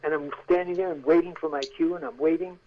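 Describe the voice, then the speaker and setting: An older man recounts his acting days with lively energy, jumping into the voices of the people in his stories. His voice sits a little high. The line sounds muffled and lo-fi. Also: quick pace, a little hiss or hum. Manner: animated anecdotes, acts out quoted voices. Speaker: guest, actor. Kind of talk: casual storytelling interview.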